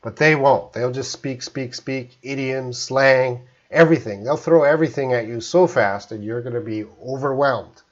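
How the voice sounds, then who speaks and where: A man from Canada teaches English on a live stream, answering questions one by one. He speaks slowly and deliberately, at a medium pitch, and the audio is a bit dull and lo-fi. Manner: slow, careful, reads out viewer questions. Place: home in Korea, live stream.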